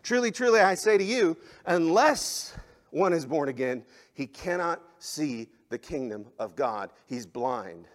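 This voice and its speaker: A male pastor delivering a sermon with a somewhat high voice. He swings from loud, emphatic exhortation down to hushed, soft-spoken passages. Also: expressive, slow.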